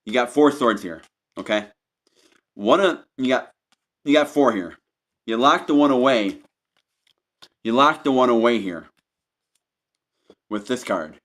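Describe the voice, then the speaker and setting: A man's voice: mid-range voice, animated, unhurried, pauses often, fairly bright tone. A man giving an unscripted tarot reading, talking straight to the listener, repeating and restarting his phrases as he goes. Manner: repetitive, meandering, restarts phrases often; addresses the listener directly as "you". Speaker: tarot reader.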